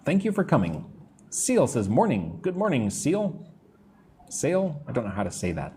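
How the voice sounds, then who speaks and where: A middle-aged American man teaching English on a live stream, answering chat comments and slowly modelling phrases for listeners to repeat. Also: mid-range voice, wildly swooping pitch, a little mellow, slight background noise. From United States. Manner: slow, careful modelling of phrases for repetition. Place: room in Vietnam.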